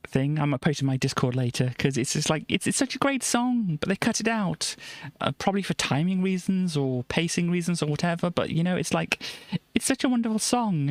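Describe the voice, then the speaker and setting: A woman's voice: lowish voice, animated, brisk, hardly any pauses, dry recording. A woman streamer chatting casually about her old comics, rambling and stammering with frequent laughs. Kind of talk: casual live-stream chat.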